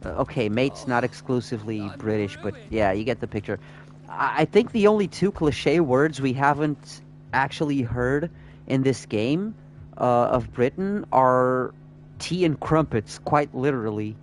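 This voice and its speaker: A male streamer gives joking, casual commentary over a game, stammering and restarting as he goes. He speaks slowly, at an ordinary pitch. A faint hum sits behind his voice. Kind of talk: gameplay commentary.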